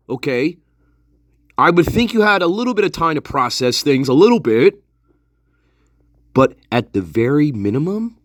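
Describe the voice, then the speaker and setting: A man's voice: on the high side, a bit bright, dry recording, studio quality. A man giving profane, sarcastic commentary on a case, swearing and laughing as he talks. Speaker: true-crime commentator.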